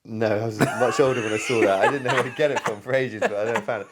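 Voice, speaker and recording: A man co-hosting a casual podcast chat over beer in a shed, telling stories in a rambling, animated way and swearing freely. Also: medium pitch, racing, heavy background noise. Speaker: podcast co-host. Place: garden shed.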